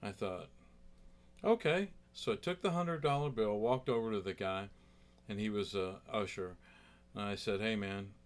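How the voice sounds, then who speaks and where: A man's voice: fairly low pitch, moderate pace, smooth. A man who plays guitar telling a story in a rambling, chatty way, full of asides. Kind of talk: casual storytelling.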